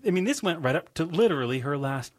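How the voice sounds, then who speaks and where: A man interviewing a guest in a broadcast interview, asking gentle, measured questions. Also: on the high side, expressive, no echo. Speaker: radio interviewer.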